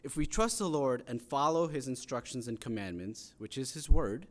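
A man preaches a sermon in a medium-pitched, expressive voice at a moderate pace. His manner is earnest and conversational, like teaching, and he presses harder with rising emphasis when pleading a point.

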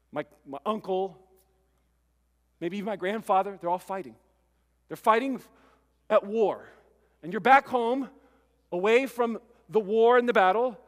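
A man preaching an animated sermon as pastor, acting out scenes and bursting into loud outbursts. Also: high-pitched, long reverb tail. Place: church hall.

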